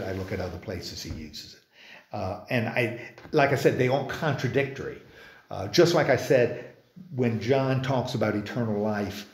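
Leading an informal Bible study class in a church meeting room, this man talks casually, questions the group and makes many restarts. His voice is medium-pitched and a little mellow, and the room is echoey.

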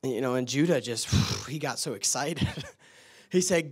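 A man preaching in church, telling excited stories with frequent laughter and then praying over the people. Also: mid-range voice, normal speed, husky. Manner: laughs often, excited storytelling. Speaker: guest preacher. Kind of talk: sermon storytelling and prayer.

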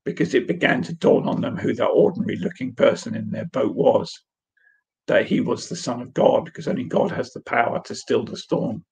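A man speaking earnestly over a video call, sharing a personal story and laughing lightly now and then. His voice has a gravelly edge and a husky, rough texture. The pitch sits at an ordinary middle height. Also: animated, brisk, darkish tone. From England. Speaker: guest speaker. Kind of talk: personal testimony in an online Q&A.

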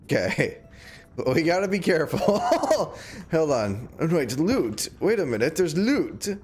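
A man's voice: a little high, huge pitch swings, a little slow, darkish tone, a little hiss or hum. A man livestreaming a game in casual chatter, joking around, reading chat aloud and breaking into sudden squeals and yelps.

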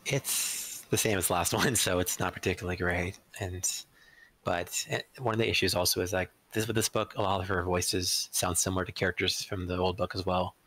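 Man, very low voice, flat and monotone, dry, casual chat. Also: brisk. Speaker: guest.

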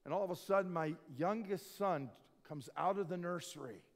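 A middle-aged man preaching as a lead pastor, telling stories with big swings from hushed to loud. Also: high-pitched, moderate pace. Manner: animated storytelling, swinging from quiet to loud. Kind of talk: sermon. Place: conference hall. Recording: long reverb of a large hall.

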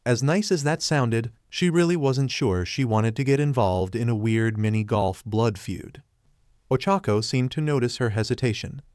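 A man's voice: medium pitch, normal speed, a little mellow, no room sound. Man reading a story in a dry voice. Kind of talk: fanfiction narration.

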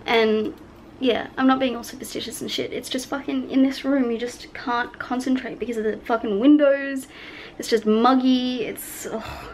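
A woman's voice: on the high side, fairly even intonation, normal speed, darkish tone. Chatty swearing woman vlogger, noisy background. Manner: rambling, chatty, swears freely. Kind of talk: casual vlog chat. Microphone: handheld camera mic.

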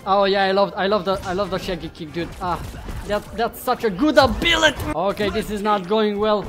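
A man commentating his own gameplay who swears often, taunts his opponents and bursts into yelling. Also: high-pitched, fairly quick, faint music behind. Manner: bursts into loud yelling when winning or losing. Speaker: gaming YouTuber.

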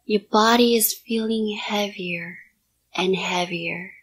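A woman hypnotist in a whispered role-play, giving soft, repetitive hypnotic commands in a partly whispered voice. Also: mid-range voice, steady tone, takes it slowly, slightly rough.

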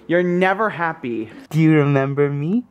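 A young father in his twenties chatting casually in a home vlog, relaxed and teasing. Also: a little high, normal speed. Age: 20s. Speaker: vlogger, new father.

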